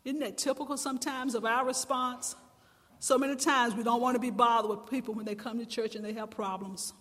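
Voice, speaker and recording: A woman's voice: fairly high pitch, fairly even intonation, brisk. Impassioned woman preacher in a reverberant church. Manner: impassioned, swelling to loud emphatic cries. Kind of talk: sermon.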